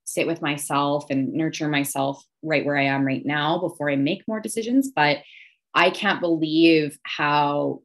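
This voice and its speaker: A woman's voice: sits low, unhurried. A woman podcast host talking earnestly and with feeling, often giving small affirming murmurs. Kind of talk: emotional conversational interview.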